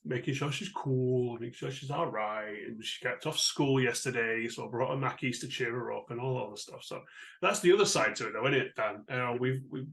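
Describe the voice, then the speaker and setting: Middle-aged man, podcast host, gravelly voice, friendly casual chat. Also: medium pitch, brisk, a bit bright. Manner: friendly, chatty, laughing.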